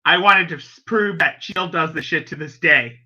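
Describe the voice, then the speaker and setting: A man's voice: fairly high pitch, moderate pace, sharp tone, highs cut off. A man hosting a reaction video, rambling in casual commentary and often breaking off mid-sentence with exclamations.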